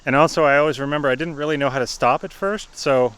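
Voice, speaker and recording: A man's voice: on the high side, fast, a bit bright, smooth. A man in his thirties, a father, telling a casual story in a family travel vlog. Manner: easygoing, reflective. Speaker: vlogger, father.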